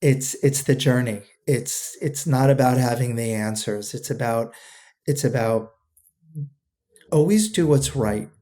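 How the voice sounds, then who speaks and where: Earnest mellow man. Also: medium pitch, measured pace. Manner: earnest, repeats words while thinking. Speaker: podcast guest, two-time founder. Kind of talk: casual interview chat.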